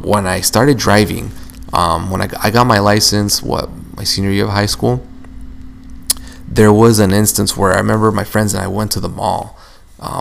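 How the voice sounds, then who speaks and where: A man's voice: on the low side, vocal fry. A young man hosting a casual solo podcast, rambling and venting with lots of swearing. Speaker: podcast host.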